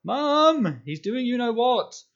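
A man's voice: mid-range voice, very animated, normal speed, dull audio. Man doing a sneering bully boy. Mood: panicked. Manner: sneering, taunting. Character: boastful bullying boy, taunting and whiny.

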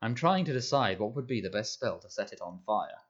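A man's voice: fairly low pitch, animated, fairly quick. A man voicing a defiant teenage wizard boy who answers with cool, dry mockery, in a slightly dull recording.

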